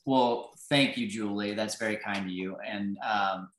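A man gives relaxed, chatty advice on a live podcast over a video call. His voice sits on the low side. The room around him has a noticeable echo. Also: a little slow. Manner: casual, conversational advice with fillers. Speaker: real estate coach. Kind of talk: casual live podcast chat. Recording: echoey room.

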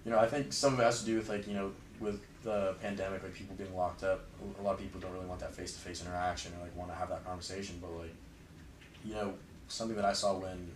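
A man's voice: low voice, fast talker, reverberant, far from the mic, a little hiss or hum, low-quality recording. A young man chatting casually as an interview guest, rambling and filling his talk with "like". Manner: relaxed, rambling, heavy use of "like". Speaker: interview guest, fraternity member.

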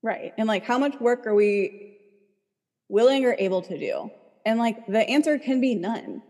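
A woman's voice: on the high side, expressive, normal speed, a little mellow, big-room sound. A woman therapist talking casually in an interview, chatty and full of "like.". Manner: chatty, fills speech with "like". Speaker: licensed therapist, guest.

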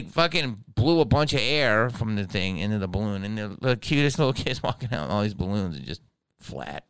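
A man's voice: lowish voice, animated, brisk, fairly bright tone, clear, resonant tone, no echo. Profane, ranting male comedian. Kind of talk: comedic monologue vlog.

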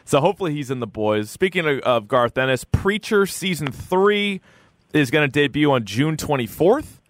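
A man's voice: on the high side, lively intonation, normal speed, dry recording, studio quality. A man co-hosting a podcast in casual chat, blunt and opinionated and cursing freely. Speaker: podcast co-host.

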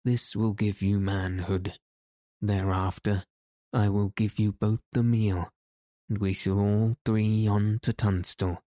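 A man voicing a gruff, commanding, vengeful middle-aged knight in archaic speech. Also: lowish voice, level tone, takes it slowly, mellow, no room sound, clean studio sound. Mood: hearty.

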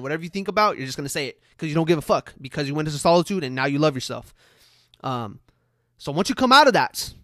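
A man's voice: a little high, fairly bright tone, no echo, clean studio sound. A man giving a casual motivational monologue as a social media creator, blunt and profane, repeating himself for emphasis and talking straight to his viewers. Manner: addresses viewers directly.

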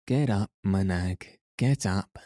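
A jovial old Irish peddler with a sly, teasing brogue, as a man puts him on. He has a mellow voice and takes his time, unhurried and unforced, in a dry, close recording of a storybook reading. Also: sits low, dry recording.

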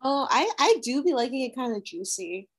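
Young woman, jokey podcast co-host, bright high-ish pitch. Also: sing-song. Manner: quick-witted, jokey. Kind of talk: casual chat.

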